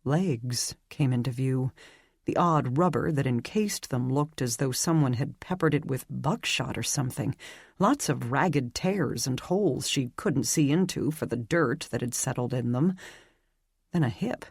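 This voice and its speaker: A slow, measured audiobook narration with a breathy, husky edge to the voice. The delivery stays even. The recording is dry and close. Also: mid-range voice, no room sound.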